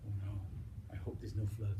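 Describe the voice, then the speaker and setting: A man's voice: on the low side, flat delivery, brisk, dull audio, noisy background, pitched below the performer's own voice, close to an everyday voice. Megan, a man telling of a worried farm woman. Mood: fretful. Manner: exclaiming, storytelling voice. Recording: roomy, distant mic.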